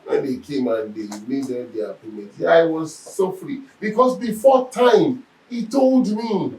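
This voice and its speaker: A man's voice: fairly high pitch, a little slow. A man giving a Bible lesson, telling stories animatedly and acting out what people said. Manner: animated storytelling, acts out quoted speech. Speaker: Bible teacher. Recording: echoey room from a distance.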